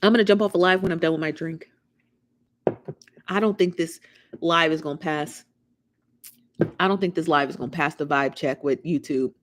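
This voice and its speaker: A woman's voice: low-pitched, normal speed, pauses often, a little hiss or hum. Sassy gossiping woman livestreaming. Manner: sassy and gossipy, calls viewers honey and child. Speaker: livestream host. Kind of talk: casual livestream chat, reading comments aloud.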